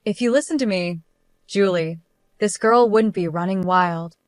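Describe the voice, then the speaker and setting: A woman voicing a stern older mother-in-law who speaks calmly, coldly and with a superior tone. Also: medium pitch, measured pace, clear, resonant tone, no room sound, lightly acted. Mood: cold, scolding. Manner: calm, cold, superior.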